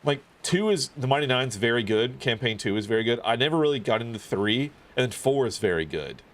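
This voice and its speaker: A man's voice: medium pitch, animated, a little fast. A man streaming a video game, chatting casually and rambling, with lots of fillers and swearing. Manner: rambling, profane, many fillers. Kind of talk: casual chat while gaming.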